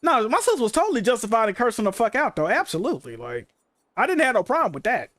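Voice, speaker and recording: This is a man with a high voice for a man, talking on a casual game livestream. He tells animated stories, swearing freely and peppering them with slang. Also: quick pace, no echo. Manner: profane, animated storytelling, heavy slang. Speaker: game streamer.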